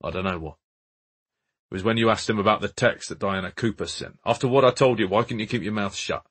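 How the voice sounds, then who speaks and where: A man voicing a blunt, sharp-tongued male detective in an audiobook. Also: lowish voice, fast talker, slightly rough. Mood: irritated.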